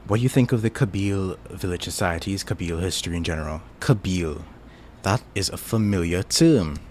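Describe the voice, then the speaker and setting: A young Trinidadian man with a low voice chats casually on a livestream. He rambles, pokes fun at himself and chuckles often. A faint hum of room noise sits under his voice. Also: a little fast, darkish tone. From Trinidad and Tobago. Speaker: streamer. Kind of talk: casual chat stream.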